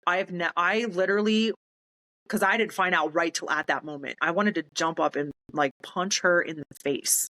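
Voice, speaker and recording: A woman's voice: on the low side, normal speed, low-quality recording. Woman telling a story animatedly. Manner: animated, acts out quoted voices, laughs in disbelief. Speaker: military veteran guest. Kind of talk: casual storytelling.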